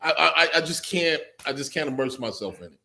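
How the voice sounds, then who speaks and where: A man's voice: fairly high pitch, animated, quick pace, gravelly, bright, forceful tone, slight background noise. Profane ranting man on a podcast. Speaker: podcast co-host. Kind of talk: casual chat.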